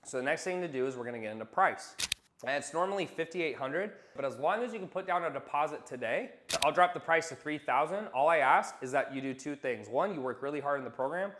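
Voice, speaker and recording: Blunt young man, sales coach, slightly high voice, swears, acts out calls. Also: expressive, fast talker, background noise. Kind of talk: teaching sales technique, casual.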